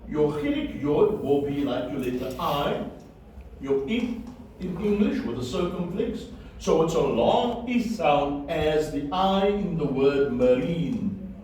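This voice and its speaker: A man's voice: a little high, darkish tone. A man teaching Biblical Hebrew in a lecture, repeating key words and checking that his students follow. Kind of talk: classroom lecture. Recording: very echoey, distant, faint room noise.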